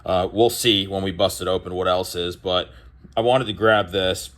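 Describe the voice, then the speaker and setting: A man's voice: low voice, normal speed. A young man chatting casually to camera about opening sports cards, rambling and storytelling with lots of fillers and restarts, livening up when he retells conversations. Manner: animated when retelling exchanges. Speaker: card collecting vlogger.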